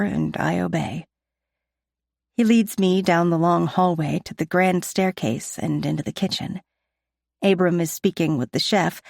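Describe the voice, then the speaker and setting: A woman narrating a first-person audiobook in a steady, even storytelling manner on a close studio mic. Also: lowish voice, vocal fry, dry recording.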